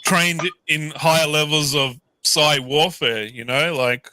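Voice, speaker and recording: A man's voice: fairly high pitch, steady tone, slow pace, sharp tone, low-quality recording. A man on a casual panel show who jokes and repeats phrases.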